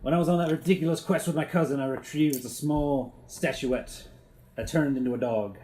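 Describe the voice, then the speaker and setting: A man's voice: fairly high pitch, steady tone, moderate pace, a little mellow, echoey room, slight background noise, lightly acted. A man voicing a hospitable male halfling who talks in a dry, folksy, worldly way. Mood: apologetic. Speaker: game master voicing a character.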